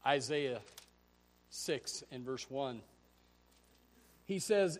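Pastor guy preaching, mid-pitched voice, goes quiet then booms out, lots of questions. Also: animated, slow pace, long pauses. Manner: preaching with rhetorical questions, swinging from hushed to shouted. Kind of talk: sermon.

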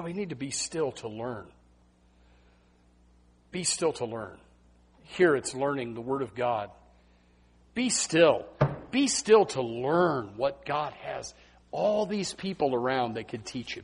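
A male pastor preaching a sermon in a church, emphatic and repetitive, swinging from hushed asides to loud exhortation. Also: mid-range voice, gravelly, husky. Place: church sanctuary.

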